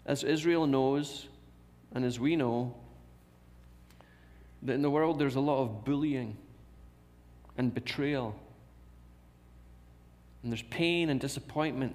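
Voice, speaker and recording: A man's voice: medium pitch, measured pace, pauses often. A man preaching a sermon in a church, repeating key phrases and asking rhetorical questions. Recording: long reverb of a large hall.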